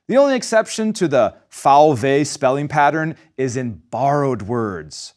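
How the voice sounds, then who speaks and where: A man gives a scripted German pronunciation lesson. His voice sits a bit high and swings widely in pitch, which keeps it lively. He slows down to demonstrate each sound clearly. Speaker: German language teacher.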